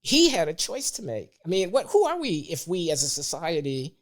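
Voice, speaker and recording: Measured, emphatic man guest. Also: on the high side, huge pitch swings. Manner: measured, deliberate, emphatic on key words. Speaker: podcast guest. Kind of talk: conversational opinion talk.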